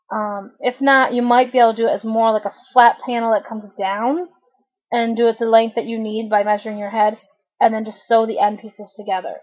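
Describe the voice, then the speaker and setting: A woman in her thirties walks viewers through a knitting project in a relaxed, chatty way, pausing now and then to clear her throat. Her voice sits a little high. The sound is dull and lo-fi, recorded through a home webcam. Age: 30s. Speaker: craft tutorial host. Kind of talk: casual knitting tutorial.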